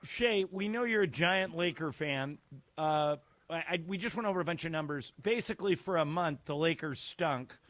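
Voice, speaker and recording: A man's voice: on the high side, normal speed, fairly bright tone, no room sound. A male sports radio co-host asking questions in a casual, conversational way.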